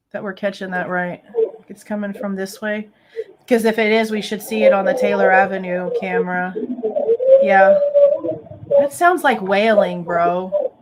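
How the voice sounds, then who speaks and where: A woman's voice: mid-range voice, fairly even intonation, moderate pace. A young woman reacting live to true crime footage on a stream, casual and swearing often while she talks to her chat.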